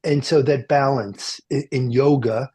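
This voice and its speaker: A man's voice: mid-range voice, fairly even intonation, unhurried, warm tone, slightly rough. A man hosting a radio talk show from a car dealership, rambling and joking with plenty of fillers and restarts. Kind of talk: casual chat.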